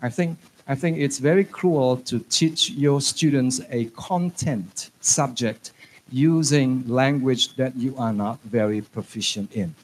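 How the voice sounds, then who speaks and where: A man's voice: mid-range voice, slow pace, a little hiss or hum. A man giving a conference lecture to teachers, chatty and joking, dropping in phrases. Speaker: conference speaker on English teaching. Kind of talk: lecture to an audience.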